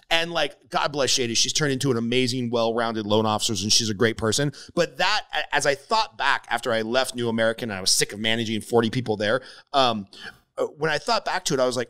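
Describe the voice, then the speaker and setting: A middle-aged man hosting a podcast, telling a casual story with lots of swearing and animated retelling. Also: medium pitch, fast. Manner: animated, swears freely, voices others in stories. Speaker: podcast host, mortgage coach.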